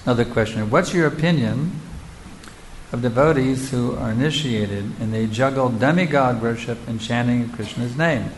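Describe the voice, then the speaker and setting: A man's voice: mid-range voice, normal speed, a little hiss or hum, rough recording. A man who is a spiritual teacher, answering audience questions in a devotional lecture. He speaks rhetorically and emphatically, often asking his listeners questions.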